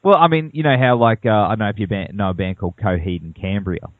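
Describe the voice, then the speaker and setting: An Australian man with a lowish voice hosts a radio interview and talks like an eager fan. The sound is dry and narrow, as if it had been squeezed through a phone line. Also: fast, dry recording. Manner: enthusiastic, fan-like, says man a lot. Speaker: radio show host.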